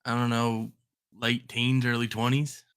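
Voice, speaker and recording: Player, male, 30s, halting and flustered, dry close sound. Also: medium pitch, flat delivery, fairly bright tone, clean tone, no room sound. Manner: halting, flustered in-character replies. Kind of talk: tabletop game play.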